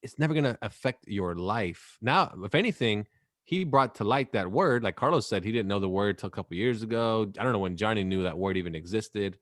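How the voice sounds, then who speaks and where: A man's voice: fairly low pitch, expressive, a little fast, no room sound, studio quality. A man in his thirties co-hosting a podcast in casual chat, rambling and swearing freely. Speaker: podcast co-host.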